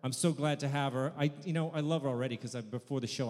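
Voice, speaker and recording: A man's voice: mid-range voice, fast, darkish tone. A man hosting a live storytelling show, introducing the next guest in a chatty way with stumbling restarts. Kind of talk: stage introduction. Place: live venue stage. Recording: long hall reverb.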